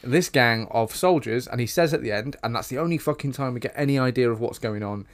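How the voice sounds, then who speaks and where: A man's voice: medium pitch, quick pace. Sardonic man ranting on a podcast. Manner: sardonic, opinionated, swearing. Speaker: podcast co-host. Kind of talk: casual chat.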